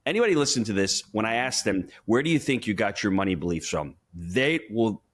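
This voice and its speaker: Animated, emphatic male money coach. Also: on the low side, brisk. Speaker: money coach and podcast guest. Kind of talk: conversational interview.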